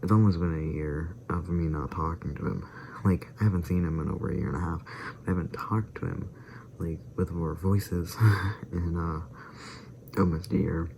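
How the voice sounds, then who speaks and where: A man talking straight to his vlog camera in a loose, rambling way, often breaking into laughter and dropping to whispered asides. His voice sits low, with a gravelly edge and a dark, mellow tone. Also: steady tone, moderate pace, slight background noise. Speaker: vlogger doing a daily challenge. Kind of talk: casual rambling chat.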